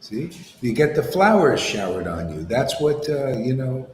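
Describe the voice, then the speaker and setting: Animated man preaching in an echoey room. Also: medium pitch, measured pace, slight background noise. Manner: animated, mocks opponents in put-on voices. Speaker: spiritual teacher. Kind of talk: informal sermon.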